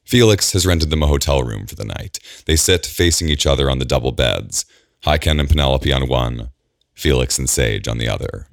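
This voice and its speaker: A man reading a novel aloud in a steady, measured audiobook style, close to the mic. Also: a bass voice, gravelly, no room sound. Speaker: narrator. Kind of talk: audiobook narration.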